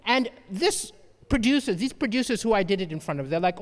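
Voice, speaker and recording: A man from southern Africa doing a stand-up comedy set on a live stage, telling stories in an animated way, restarting with stammers and tossing in "right?" asides. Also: high-pitched, a little fast, big-room sound.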